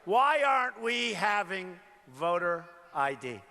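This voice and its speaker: Candidate type at a rally: a man with a high, sharp delivery, punchy and repetitive, echoing through a big arena. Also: big pitch swings, slow. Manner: emphatic, repeats phrases, calls out to crowd. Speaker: political candidate. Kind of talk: campaign rally speech. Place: large indoor rally venue. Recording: reverberant arena with crowd noise. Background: crowd murmur.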